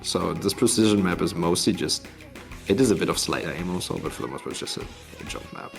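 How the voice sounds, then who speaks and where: A man's voice: low-pitched, expressive, fast, vocal fry, music in the background. A man casually talking through tournament maps on a live stream, rambling with many fillers and restarts. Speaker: tournament mappool showcaser.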